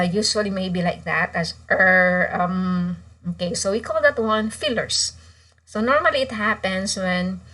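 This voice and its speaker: A woman teaching an online class in a slow, bright, clear voice. She explains step by step and keeps pausing on "okay" before each point. She sounds a little distant from the microphone. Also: medium pitch. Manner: frequent "okay" fillers and restarts, explanatory.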